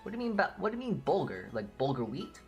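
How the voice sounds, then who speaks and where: A woman's voice: low-pitched, sing-song, fast talker, a little mellow, faint music behind. A woman streamer chatting casually on a live stream, blunt and opinionated, with casual swearing.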